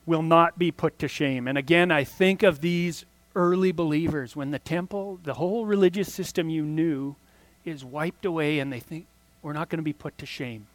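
A man's voice: a little high, moderate pace. A man preaching a conversational sermon, explaining scripture with casual asides and restarts. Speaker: pastor.

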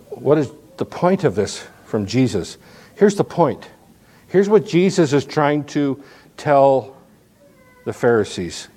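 A male pastor preaching a sermon in an animated, conversational, folksy way, with frequent restarts. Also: mid-range voice.

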